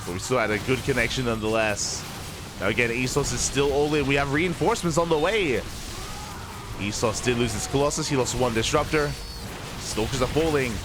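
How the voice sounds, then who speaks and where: Young male game caster, just woke up, slurred delivery, jumps to excitement in fights, faint music underneath. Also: mid-range voice, normal speed. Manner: excitable, drowsy between fights. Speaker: esports caster. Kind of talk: live game commentary.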